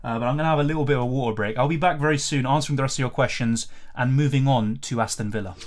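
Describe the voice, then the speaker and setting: A man's voice: medium pitch, rapid-fire. A man hosting a live fantasy football Q&A stream, chatting casually, thinking aloud and answering viewer comments.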